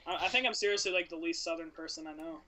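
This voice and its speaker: Man, high bright voice, casual podcast chat, rambling, self-mocking. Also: quick pace, slight background noise. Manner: rambling, self-deprecating joking. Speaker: podcast co-host, game commentator.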